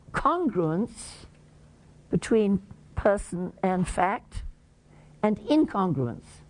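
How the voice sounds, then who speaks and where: An Englishwoman with a mid-range, darkish voice presents a conference lecture. She quizzes the audience and acts out short examples.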